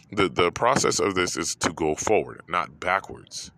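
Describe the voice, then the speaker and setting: Deep-voiced man, emotional and rambling. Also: lively intonation, normal speed, gravelly, background noise. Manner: heartfelt, rambling, repeats phrases. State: holding back tears. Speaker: podcast host. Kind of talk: emotional personal monologue.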